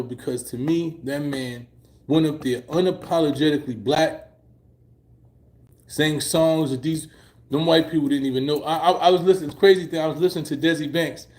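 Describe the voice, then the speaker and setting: Male vlogger, high voice, emphatic and profane, casual opinion riff. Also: brisk, a little mellow. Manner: emphatic, repetitive and profane, drifting high when he presses a point. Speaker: vlogger reacting to a halftime show.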